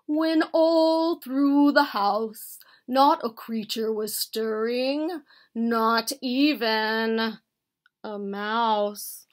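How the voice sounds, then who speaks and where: A woman voicing a big pompous male bear in a storybook, declaiming in a slow, booming manner. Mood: reciting.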